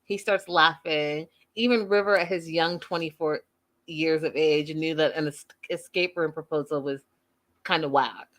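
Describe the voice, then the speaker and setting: A woman's voice: low-pitched, fairly even intonation, moderate pace, a bit bright. A woman hosting a TV recap show, chatting casually to her viewers in a gossipy, playfully dramatic way.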